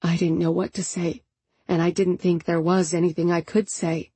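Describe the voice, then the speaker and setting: A woman narrating a first-person audiobook with a subdued, introspective manner. Her voice is dark, mellow and a little husky, and it sits fairly low. It is recorded close on a studio mic with a dry sound. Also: level tone, moderate pace.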